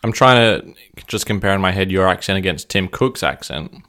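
A man co-hosting a podcast in a curious, questioning casual chat, quick to laugh. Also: low voice, expressive, pushed and bright. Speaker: podcast co-host.

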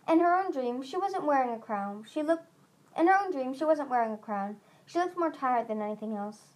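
A woman's voice: high-pitched, expressive, normal speed. A woman narrating a storybook aloud, reading steadily with small slips and restarts. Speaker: audiobook reader.

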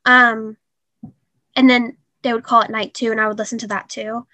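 A young woman telling a painful personal story in an interview, halting and earnest with many fillers. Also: fairly high pitch, little pitch movement, sharp tone, dry recording. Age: young adult. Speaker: guest.

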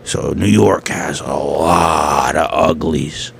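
Man, podcast host, very low voice, crude self-mocking humor, rambling tangents, faint background hiss. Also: takes it slowly, gravelly, a bit bright. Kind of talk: rambling comedic monologue.

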